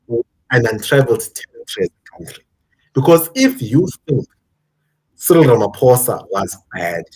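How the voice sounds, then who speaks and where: A man's voice: medium pitch, slightly rough, rough recording. A man from South Africa hosting his own channel, giving emphatic live-stream political commentary and talking straight to his viewers. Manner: emphatic, ranting, addresses viewers directly. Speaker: channel host.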